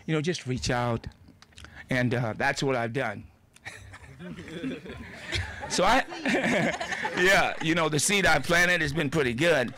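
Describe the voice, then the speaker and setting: A man's voice: a little high, lively intonation, slow pace, pauses often, a crowd in the background. An older man giving a joking, heartfelt, rambling speech at a field dedication. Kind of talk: informal outdoor speech. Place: outdoor sports field.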